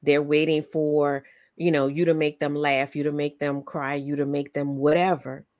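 A woman coach hosting her own podcast, talking in a lively, motivational way with plenty of "um"s. Her voice sits on the low side for a woman. The sound is dry and close to the mic. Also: normal speed, no echo. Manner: animated, motivational, many fillers. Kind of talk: casual interview chat.

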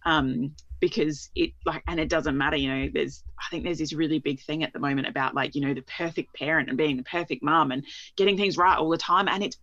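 Gravelly, reflective woman co-host. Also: low-pitched, brisk, fairly bright tone, no echo. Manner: thoughtful, rambling with fillers. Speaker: podcast co-host. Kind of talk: casual parenting chat. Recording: slightly dull, dry sound.

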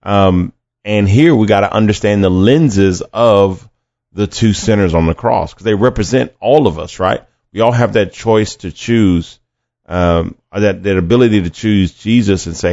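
A man's voice: on the low side, normal speed, vocal fry, a little mellow. A man teaching a conversational sermon for a podcast, reading scripture and acting out quoted voices, often repeating words as he goes. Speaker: podcast preacher. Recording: dull lo-fi dry recording.

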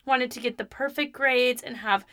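A young woman in her twenties, her voice sitting a touch high and sounding bright and clear. She talks candidly and confessionally, chatty and full of "like"s. She laughs now and then as she tells her own story on her podcast. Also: moderate pace. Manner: open, confessional, chatty with many "like"s; laughs between remarks. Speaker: podcast host.

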